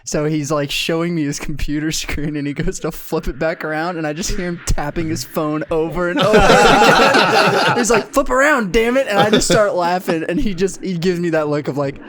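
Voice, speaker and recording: A man's voice: a little high, steady tone, a little fast, few pauses. A man co-hosting a podcast, telling a story about a friend in an amused, casual way. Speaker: podcast co-host. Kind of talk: casual chat.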